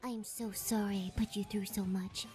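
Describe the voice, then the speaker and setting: A woman voicing a gentle, shy young female pony, reading a statement in a meek, breathy, whispery voice over music. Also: mid-range voice, steady tone, normal speed, close to an everyday voice.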